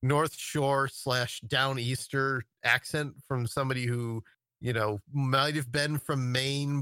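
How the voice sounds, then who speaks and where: Bright-voiced man chatting on a call. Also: medium pitch, steady tone, slow pace, clean tone, dry recording. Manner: hesitant, full of fillers and restarts. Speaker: podcast guest. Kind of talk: casual chat. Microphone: video call.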